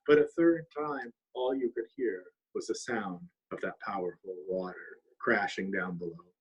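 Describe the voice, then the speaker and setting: A man telling a traditional trickster story aloud, lively and weaving in Abenaki words. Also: medium pitch, normal speed, hardly any pauses, slightly rough, muffled recording. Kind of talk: oral storytelling. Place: longhouse.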